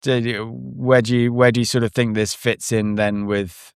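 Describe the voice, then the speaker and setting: A man hosting a casual podcast chat, talking in halting bursts with frequent restarts and laughter. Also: mid-range voice, little pitch movement, creaky, clean tone, dry recording, studio quality. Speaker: podcast host.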